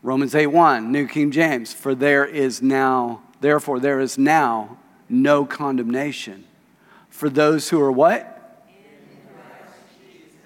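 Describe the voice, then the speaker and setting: In a church sanctuary, a male pastor delivers a sermon, reading scripture aloud conversationally and putting questions to the congregation. His mid-range voice holds a steady tone at a slow pace, and the recording carries the long reverb of a church hall.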